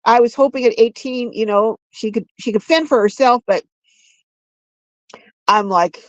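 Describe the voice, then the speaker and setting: Older woman hosting a livestream, chatty and rambling, higher voice, dry lo-fi phone sound. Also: no room sound. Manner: rambling, chatty, frequent restarts and slow drawn-out words. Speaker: livestream host. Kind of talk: casual livestream chat reading viewer comments.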